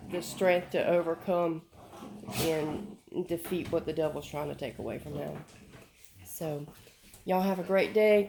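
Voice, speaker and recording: A low-voiced woman trainer rambles in a folksy, affectionate way while chatting among her dogs at home. A faint hiss of background noise sits under her voice. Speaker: dog trainer and breeder. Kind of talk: casual home vlog.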